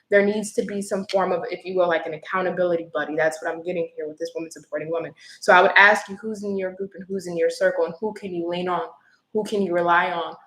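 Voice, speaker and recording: A woman's voice: lowish voice, a bit bright, reverberant, poor audio. A woman giving a live-stream tarot reading, earnest and emotional, with apologetic asides. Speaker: tarot reader.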